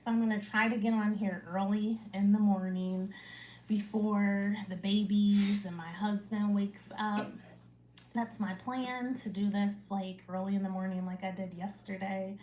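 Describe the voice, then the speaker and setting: A woman reading scripture aloud on a livestream, then chatting with her viewers, her speech loose and full of "like" and "um". She talks at a slow, unhurried pace. The room is echoey, with a faint hum of ambience behind her. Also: medium pitch. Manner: unhurried, relaxed, with many fillers like "like" and "um". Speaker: livestream Bible reading host. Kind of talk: Bible reading aloud and casual chat to viewers.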